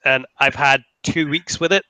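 A man's voice: a little high, moderate pace, bright, forceful tone, smooth, dry recording, rough recording. A young man co-hosting a casual gaming podcast, rambling with lots of restarts. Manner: rambling, many restarts and fillers. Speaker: podcast co-host.

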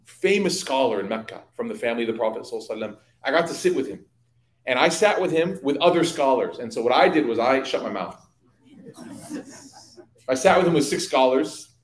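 Man teaching, lively storyteller, roomy hall. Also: medium pitch, fast talker. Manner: lively anecdotal storytelling, addressing audience. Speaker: religious teacher. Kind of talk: evening Quran study talk. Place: community hall.

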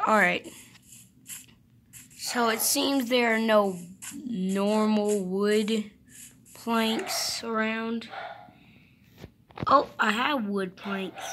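A woman's voice: mid-range voice, fairly bright tone, slight background noise. A young woman giving chatty, playful gameplay commentary, talking to the animals in her game. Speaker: gamer.

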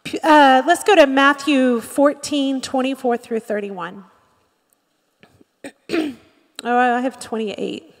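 Woman pastor, high voice, animated sermon with acted quotes, long hall reverb. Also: slow, pauses often. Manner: lively preaching with acted-out quotes and frequent "Amen?". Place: church sanctuary.

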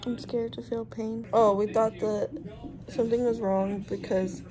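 A woman's voice: a little high, level tone, measured pace, crowd noise. A nineteen-year-old woman vlogging in casual chat from a hospital room, giggly and rambling, with many filler likes.

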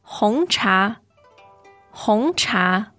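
A woman's voice: mid-range voice, lively intonation, extremely slow, fairly bright tone, dry recording, faint music behind. A woman co-hosting a language lesson, patiently modeling words with careful repetition. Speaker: Mandarin lesson co-host. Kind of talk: slow model pronunciation.

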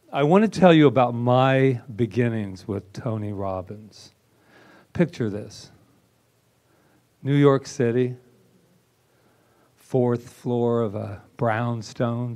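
A man's voice: medium pitch, slow pace, pauses often, a little mellow. A man, a reverend, telling a personal story to his congregation in a theatrical, self-mocking way, acting out quoted lines. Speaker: reverend presenting at a spiritual center. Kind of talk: animated storytelling talk.

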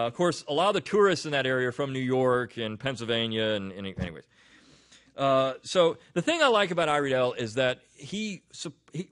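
A man from Delaware hosting a podcast, giving casual, explanatory commentary on essays and telling stories along the way. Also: mid-range voice. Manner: conversational, explanatory, storytelling. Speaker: podcast host.

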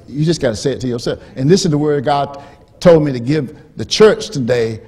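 A man preaching a sermon as pastor, repeating key phrases and swinging from hushed storytelling to rising, emphatic shouts. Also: mid-range voice, a little fast, husky.

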